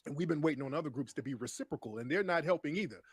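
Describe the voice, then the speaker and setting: A man being interviewed, making his case in a fast, insistent and argumentative way. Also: fairly high pitch, expressive, breathy edge, no echo, clean studio sound. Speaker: interview guest.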